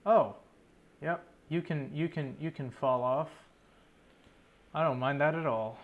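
A man's voice: on the high side, unhurried, phone-quality sound. Swearing young man narrating his gameplay. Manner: swears often, exasperated running self-talk. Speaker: gaming YouTuber. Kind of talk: live commentary over gameplay.

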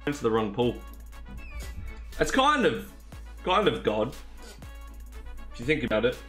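A man's voice: medium pitch, wildly swooping pitch, a little slow, a bit bright, soft background music. A man streaming a video game, chatting casually with his live chat, reading messages aloud and laughing often.

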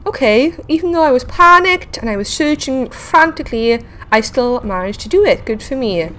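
A woman hosting a casual game video, chatting excitedly to viewers and talking to the creatures she meets. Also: high voice, moderate pace. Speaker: gaming video host. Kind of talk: casual let's-play commentary.

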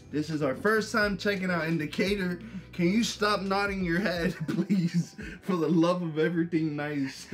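A young man co-hosting a reaction video, bantering and teasing his partner with frequent laughs. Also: high-pitched. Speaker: co-host of a reaction channel. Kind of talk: casual reaction chat.

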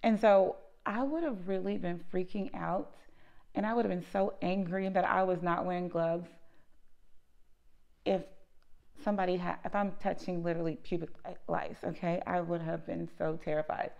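Gravelly woman telling an animated story. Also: lowish voice, normal speed, dull audio. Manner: animated, emphatic, tags lines with "okay?". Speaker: lice treatment business owner. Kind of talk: storytime vlog.

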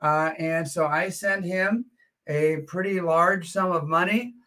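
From home, a man runs a live auction stream, chatting in a relaxed way and saying "uh" a lot. His voice sits high and his pace is slow.

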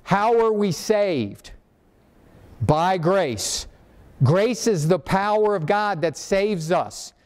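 A man's voice: sits high, lively intonation, slow pace, darkish tone. A male pastor preaching a sermon, firing questions at the congregation and making sarcastic asides. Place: church.

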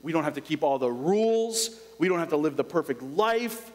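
A male pastor preaching a sermon, dropping to a hush and then rising with urgency. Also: a little high, animated, normal speed, big-room sound, rough recording. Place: church.

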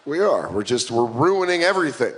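A man's voice: mid-range voice, sing-song, brisk. A young man in his twenties performing a stand-up comedy set, self-mocking and punchy.

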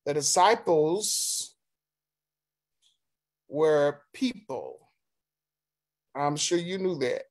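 A man, a pastor, teaching a Sunday school Bible lesson, reading scripture aloud and explaining it in a deliberate, halting way with pauses and restarts. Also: a little high, expressive.

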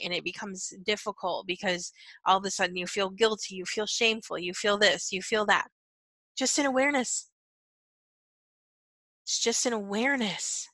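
A woman's voice: mid-range voice, bright, forceful tone, no room sound, poor audio. A woman teaching on empathy in an earnest monologue, repeating key phrases and checking in with "right?" and "okay". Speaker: empath coach.

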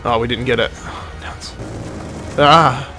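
A young man giving live commentary while playing a shooter, excitable and jokey, swearing and yelping when he gets hit. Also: mid-range voice, slow pace, soft background music. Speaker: gaming channel host.

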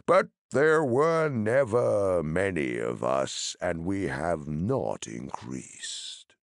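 A man reading an audiobook, voicing an ancient, slow-spoken male tree giant in a deep, creaky rumble. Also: big pitch swings, dry recording, clean studio sound, full character voice. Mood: ponderous. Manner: slow, ponderous, sorrowful.

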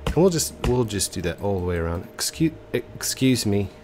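A man's voice: fairly low pitch, very animated, moderate pace, background noise. A man with a stuffy, congested nose, commentating a video game in a put-on English accent and hesitating with ums and self-corrections. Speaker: let's play host.

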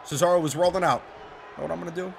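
A young man giving loud, excitable let's-play commentary, swearing and shouting at the game. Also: on the high side, very fast, gravelly. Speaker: gaming commentator.

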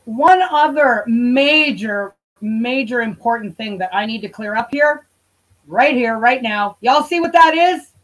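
A woman's voice: a little high, fairly bright tone, poor audio. A woman hosting a casual commentary stream, sarcastic and swearing often, rambling and talking straight to her viewers. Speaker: channel host.

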